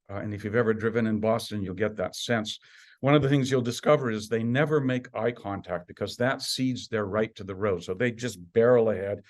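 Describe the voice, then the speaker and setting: A man in his sixties from Canada, a university administrator giving an alumni talk with wry humor and lively emphasis. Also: lowish voice. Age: 60s. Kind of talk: prepared talk.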